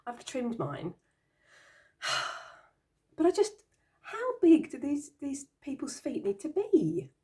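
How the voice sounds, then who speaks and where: A woman's voice: high-pitched, wildly swooping pitch, takes it slowly, pauses often, mellow. A woman hosting her own channel, chatting casually as she shows things, giggling and sounding amused and baffled. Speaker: tarot channel host. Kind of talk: casual show-and-tell chat.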